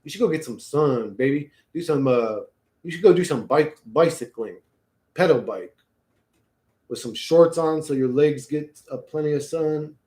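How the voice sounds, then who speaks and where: A man hosting a casual livestream, rambling and joking with a lot of swearing, swinging between low mumbles and loud bursts. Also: expressive, normal speed. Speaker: livestream host reading chat.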